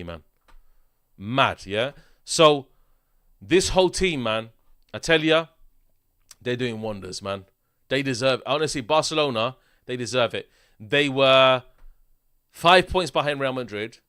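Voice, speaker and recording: A man talks through a football match preview in a loose, animated way, circling back on his points and tagging lines with "mate". His voice sits in a middling range. The recording is dry and close. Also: mid-range voice, dry recording. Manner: animated, repetitive, tags lines with "mate" and "yeah?". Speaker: football channel host. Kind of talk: casual football preview talk.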